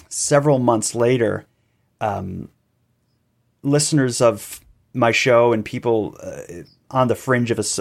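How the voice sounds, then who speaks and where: A man, a podcast guest in an interview, telling events at length and acting out quoted voices. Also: vocal fry. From Canada. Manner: animated storytelling, acting out quoted calls with rising pitch. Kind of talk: conversational interview.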